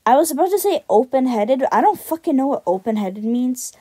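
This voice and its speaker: A woman's voice: high-pitched, animated, fairly quick, warm tone, husky, no echo. A woman on a video channel casually describing her drawn cat characters, rambling and self-deprecating, with many fillers and some casual swearing.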